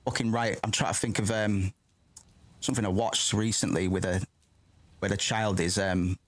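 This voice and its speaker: On a dry recording, his fairly low voice keeps a moderate pace as he reacts to a film on stream. He's casual, rambling and excitable, swearing a lot and breaking into his own sentences.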